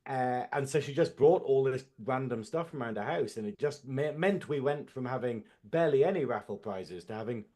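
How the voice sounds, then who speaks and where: A man's voice: medium pitch, animated, a little fast, few pauses, warm tone. A man co-hosting a podcast over a video call, telling stories in a rambling, laughing way. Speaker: podcast co-host. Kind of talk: casual chat.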